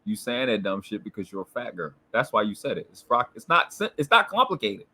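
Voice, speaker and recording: A man's voice: fairly low pitch, sing-song, fairly quick, bright, forceful tone, slightly rough. A man hosting a commentary show, reacting to a replayed livestream clip in a combative, mocking and profane way. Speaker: commentary channel host.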